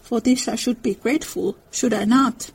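Lady reading as a soft-spoken german professor, formal halting phrasing, mellow husky tone. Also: on the high side, steady tone, rough recording. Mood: earnest. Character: earnest older German male professor, gentle.

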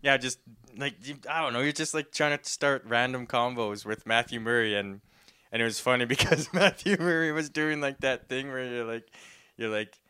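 A man's voice: medium pitch, normal speed, bright, forceful tone, clear, resonant tone. A young man telling a story in casual chat, rambling with lots of "like", laughing often and acting out the voices.

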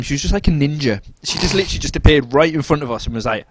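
Animated man telling a pub story. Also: fast talker, hardly any pauses, a little hiss or hum. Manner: animated, jumps into high-pitched quoted voices. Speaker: podcast co-host. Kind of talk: casual chat, storytelling.

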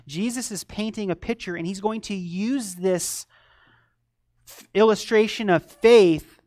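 A man preaching a sermon, swinging between loud animated storytelling and quiet, earnest teaching. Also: sits high, dry recording, clean studio sound. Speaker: pastor.

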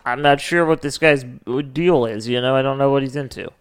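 A man's voice: medium pitch, fairly quick, clear, resonant tone. A man co-hosting a podcast, reacting with playful, sarcastic banter. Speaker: podcast co-host.

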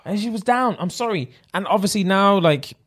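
A young man trades brash, blunt banter as podcast co-host. His voice sits a little high for a man, and he talks in loose, casual chat. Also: lively intonation, a little fast, a bit bright.

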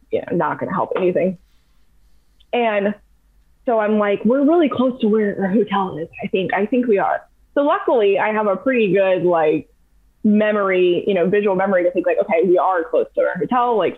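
A young woman tells a story as a podcast guest, chatty and animated. Her voice is somewhat breathy and sits at a middle pitch. The sound is thin and phone-like. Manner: chatty, animated, heavy use of "like". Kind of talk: casual storytelling. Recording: tinny phone-like audio.

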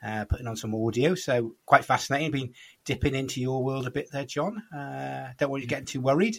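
Husky man hosting a podcast. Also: medium pitch, brisk, fairly bright tone. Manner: teasing, jokey, leads the chat. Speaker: podcast host. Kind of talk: casual chat.

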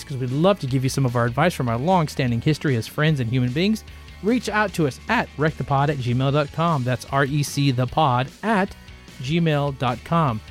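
A man hosting a podcast in casual chat, loud, playful and teasing. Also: a little high. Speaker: podcast host.

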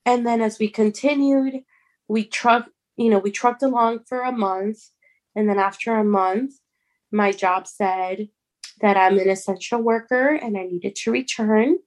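Young woman, earnest and halting, plain middle voice, heartfelt storytelling. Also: medium pitch, fairly even intonation. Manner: halting, restarts words, earnest. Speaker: guest. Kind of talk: emotional personal storytelling.

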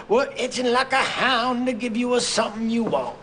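A man's voice: very high voice, steady tone, normal speed, noisy background. An actor playing a brash male con man who poses as a folksy Southern oilman, talking with eager bluster in film dialogue.

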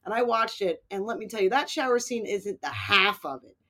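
A woman's voice: medium pitch, a little fast, bright, forceful tone. A woman co-hosting a podcast, talking about films in a casual, wry, self-deprecating way with plenty of swearing. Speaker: podcast co-host. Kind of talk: casual film chat.

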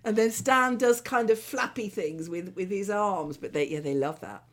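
A woman in her sixties co-hosting a podcast, chatting casually with an expressive, exclamatory manner. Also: mid-range voice, normal speed. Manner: expressive, exclamatory, laughs often. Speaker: podcast co-host. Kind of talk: casual chat.

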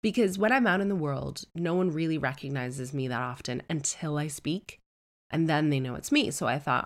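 A woman's voice: deep voice, normal speed. A woman in her thirties telling a chatty, self-deprecating personal story full of comic digressions. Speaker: celebrity storyteller.

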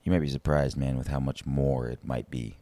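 A man's voice: extremely low pitch, fairly even intonation, fairly quick, dark tone, no room sound. A man co-hosting a podcast in casual chat, laid-back and agreeable, often trailing off. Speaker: podcast co-host.

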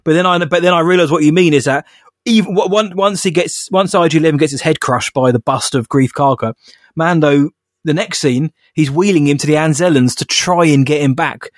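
Male podcast co-host, a touch higher-pitched, eager fan chat, dry close mic. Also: brisk, no room sound. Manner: enthusiastic fan talk, laughs often. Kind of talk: casual chat.

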